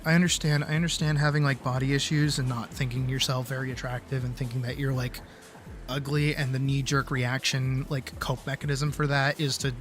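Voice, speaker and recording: A man's voice: mid-range voice, a bit bright. Rambling, apologetic streamer man. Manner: rambling, apologetic, swears casually. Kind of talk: casual livestream chat.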